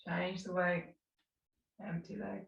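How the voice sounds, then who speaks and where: Low gravelly woman leading tai chi. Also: highs cut off. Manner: calm, unhurried cueing with soft asides. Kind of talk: live movement class instruction. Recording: echoey room, mic at a distance.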